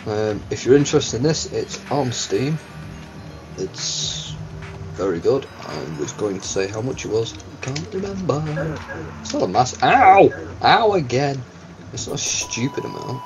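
A man's voice: mid-range voice, unhurried, low-quality recording. A man giving let's-play commentary on a game, exclaiming and yelping as things happen. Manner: excitable, yelps and exclaims at game events. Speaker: gaming channel host. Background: game music.

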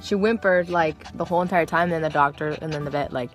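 A woman's voice: low voice, fast talker, faint music behind. A young woman vlogging to a handheld camera in a chatty, rambling way, swearing freely as she talks about her day. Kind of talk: casual vlog chat.

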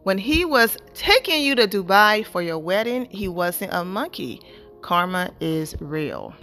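Brief: female gossip host, mid-pitched, animated comment-reading with quick reactions. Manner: animated, reads comments aloud with quick asides.

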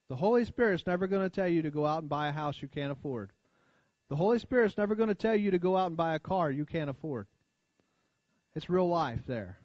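Man, American accent, pastor preaching, conversational, call-and-response asides, slightly high voice, dry close sound. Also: no echo. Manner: drops low and quiet to stress key lines. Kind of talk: sermon. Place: church sanctuary. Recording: dull lo-fi church recording.

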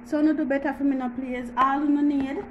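A woman's voice: high-pitched, little pitch movement, moderate pace, muffled recording, noisy background. A woman with a Jamaican accent hosting a casual home how-to vlog, chatty and teasing, with frequent laughs. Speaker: YouTuber.

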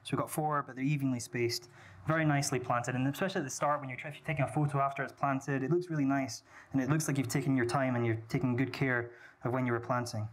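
A young Scottish man leading an aquascaping workshop, explaining each step in a relaxed way while he plants, with lots of fillers and restarts. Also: mid-range voice, quick pace. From Scotland. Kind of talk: live hands-on demonstration. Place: indoor workshop venue. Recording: noisy room ambience.

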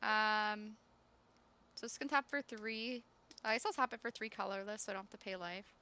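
A woman playing a card game, thinking out loud and hesitating with many pauses. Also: mid-range voice, smooth. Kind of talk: casual game-table chat.

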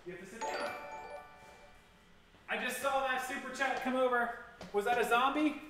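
A man with a high, bright voice hosts a casual livestream. He rambles and thinks aloud while tinkering with settings, and he stops to thank viewers for their donations. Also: moderate pace, long pauses, slight background noise. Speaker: livestream host. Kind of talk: casual live-stream chat.

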